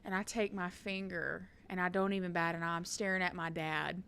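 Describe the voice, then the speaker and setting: A woman's voice: fairly low pitch, brisk, creaky, clean tone. A woman, co-hosting a podcast and telling a funny family story with lots of laughter. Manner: animated, laughing through her story. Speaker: podcast co-host. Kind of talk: casual storytelling.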